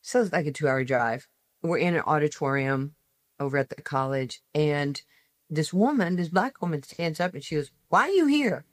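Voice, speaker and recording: A woman in her sixties, a guest telling personal stories in an emphatic way, speeding up in quick bursts. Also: low voice, no echo, clean studio sound. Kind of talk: animated personal storytelling.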